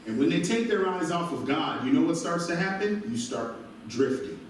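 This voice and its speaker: A male pastor preaching an animated sermon, recorded from a distance in a church. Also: on the high side, normal speed, a little hiss or hum. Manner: animated preaching with call-and-response asides. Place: church sanctuary. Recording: very echoey church from far off.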